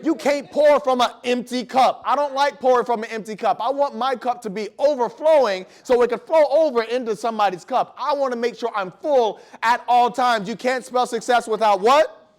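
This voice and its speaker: A man with a high voice gives a motivational talk to school staff, speaking energetically before an audience in a large room. He tells stories and keeps asking the listeners questions. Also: a little fast, hardly any pauses.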